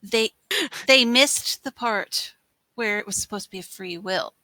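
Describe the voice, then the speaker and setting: A woman player reasoning softly about her character's actions. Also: medium pitch, unhurried, dry recording. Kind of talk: casual tabletop play.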